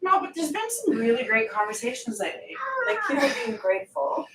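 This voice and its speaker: A woman's voice: fairly high pitch, very animated, brisk. A woman fitness coach chatting earnestly during a workout. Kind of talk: casual chat during a workout. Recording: echoey room, distant mic, clear noise.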